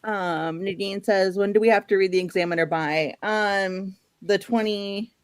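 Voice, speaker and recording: A Midwestern woman hosts a casual book livestream, chatting and laughing often as she reads viewer comments aloud. Her medium-pitched voice is steady, unhurried and smooth, in a dry recording.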